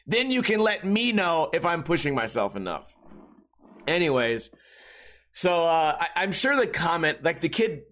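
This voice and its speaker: A man in his thirties with a rather high-pitched voice delivers a rambling podcast monologue. He is sarcastic and profane, with many restarts. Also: fairly bright tone. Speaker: podcast host. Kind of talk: casual ranting monologue.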